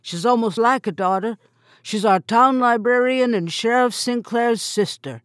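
A jovial old lighthouse keeper , read by a woman, greets neighbors in an audiobook scene. His speech is folksy and hearty, pitched only slightly up. The recording is close and dry. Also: unhurried, no echo, lightly acted.

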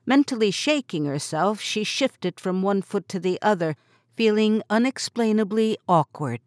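A woman reads a novel aloud in steady, clear narration. Her pitch sits in the middle of the range. The recording is close and dry. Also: measured pace, no room sound. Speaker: audiobook narrator. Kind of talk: scripted narration.

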